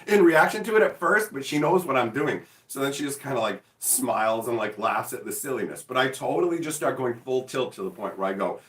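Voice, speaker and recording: A man rambles through a casual chat, laughing often and packing his talk with "like". His pitch swings lively up and down. He sits back from the mic in an echoey room. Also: a little fast, hardly any pauses, far from the mic. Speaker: card game channel host.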